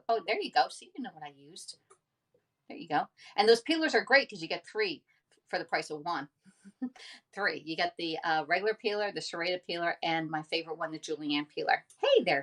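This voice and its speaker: Woman, chatty live-stream cooking host, slightly low voice, heard a little away from the mic. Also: distant mic. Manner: chatty, animated, talks straight to viewers. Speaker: home cooking livestream host. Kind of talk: casual live-stream chat and product pitch.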